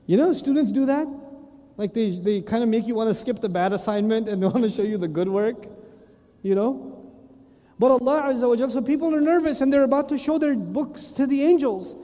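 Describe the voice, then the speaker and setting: A man's voice: very high voice, brisk. A man giving a humorous religious lecture, telling stories animatedly and acting out voices. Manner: animated storytelling, acts out voices. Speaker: Islamic lecturer. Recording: echoey lecture hall.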